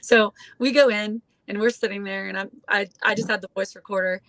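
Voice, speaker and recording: Speaking a little fast, this forties-aged woman chats as a guest and spins a story thick with fillers, performing the voices of the people she quotes. Her voice sits in the middle range, slightly bright, with fairly even intonation and no room sound.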